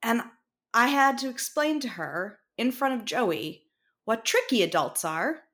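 A woman co-hosting a podcast, telling a casual story about her child with quick asides and acted-out dialogue. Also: a little high, very animated, a bit bright. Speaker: podcast co-host and mother.

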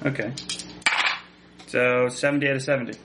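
A man playing a tabletop game, talking casually and haltingly. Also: mid-range voice, fairly even intonation, background noise. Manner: casual, halting, laughs often. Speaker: player.

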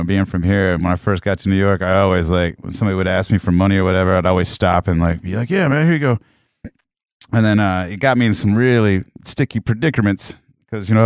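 Quick, smooth-voiced man in studio banter. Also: sits low, no room sound. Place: radio studio. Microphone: studio mic.

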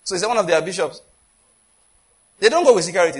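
A man's voice: sits high, animated, fast talker, breathy edge. A man with a Nigerian accent preaching a sermon in a conversational, storytelling way. He acts out quoted dialogue and often checks whether listeners follow. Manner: often asks if listeners get the point.

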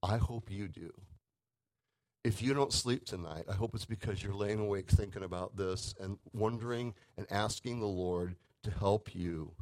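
A man preaching a sermon in a conversational way, with emphatic swings between loud and soft. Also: on the low side, moderate pace, no echo, low-quality recording.

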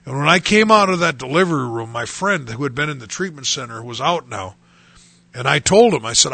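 Male pastor, 60s, husky and gravelly, halting testimony delivery with frequent restarts. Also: medium pitch, expressive, sharp tone, no echo. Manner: halting, repeats words and restarts often. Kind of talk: personal testimony talk.

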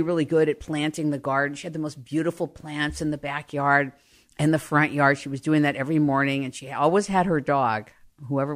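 A woman telling personal family stories in an animated way, often laughing. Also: low voice. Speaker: storyteller. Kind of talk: personal storytelling monologue.

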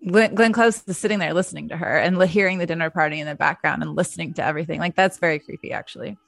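Low-voiced thoughtful woman. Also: steady tone, rapid-fire, creaky, fairly bright tone, no room sound, faint music behind. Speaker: podcast co-host. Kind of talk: casual film discussion.

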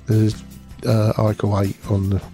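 A man's voice: on the low side, completely flat delivery, moderate pace, warm tone, soft background music. A man co-hosting a casual chat show, talking in a chatty, rambling way. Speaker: co-host.

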